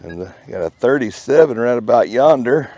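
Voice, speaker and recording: A man's voice: medium pitch, animated, moderate pace, a little mellow, no echo, muffled recording. A man with a Texan accent narrating his metal detecting outdoors in a park, folksy and jokey, tossing out playful made-up words. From Texas. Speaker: metal detecting channel host. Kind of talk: casual narration while detecting.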